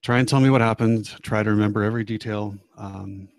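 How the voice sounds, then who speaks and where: A man voicing a careful male healer who gently questions a patient in a tabletop game. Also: lowish voice, steady tone, a little fast, no echo, natural voice. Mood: gentle.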